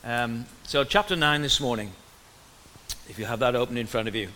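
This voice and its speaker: A man's voice: mid-range voice, moderate pace. Welsh man preaching in a reverberant hall. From Wales. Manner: relaxed storytelling with gentle humor. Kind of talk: sermon. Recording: long reverb in a large hall, faint ambience.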